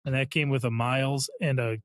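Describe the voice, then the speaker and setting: A man's voice: medium pitch, steady tone, brisk. A man co-hosting a podcast in casual chat, complaining sarcastically and swearing freely. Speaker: podcast co-host.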